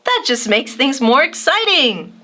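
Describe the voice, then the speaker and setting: A woman playing an excitable little boy from a storybook, with a high, eager childlike voice. He sounds bright and lively. The lines come slowly. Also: exaggerated voice.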